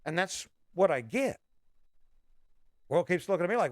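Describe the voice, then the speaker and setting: A man's voice: sits high, lively intonation, moderate pace, long pauses, no room sound, studio quality. A middle-aged man, hosting a casual motivational monologue in a blunt, fired-up way and swearing freely. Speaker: podcast host.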